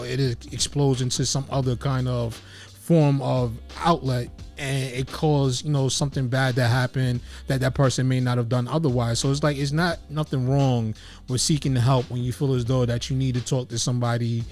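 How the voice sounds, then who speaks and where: An earnest man hosts a relaxed interview and reflects at length. He speaks at a middle pitch and often leans on "you know". Faint music plays quietly behind him. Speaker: host. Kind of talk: casual interview chat.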